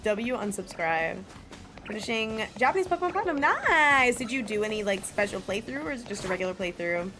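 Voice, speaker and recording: A woman's voice: on the high side, lively intonation, fast talker, few pauses, music in the background. A woman streamer chatting casually with her live chat, blunt, swearing freely and laughing often.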